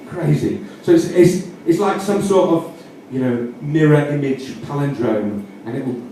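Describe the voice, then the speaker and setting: A man with a Yorkshire accent talks through a comic scheme in a mock-earnest, deadpan way, stumbling over his words and starting sentences again. His voice sits a little high and sounds mellow. He is heard from a distance in a very echoey room, with a faint hiss of noise behind him. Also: measured pace. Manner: mock-earnest, rambling with self-corrections. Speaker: comedian. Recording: roomy echo, distant mic, faint noise.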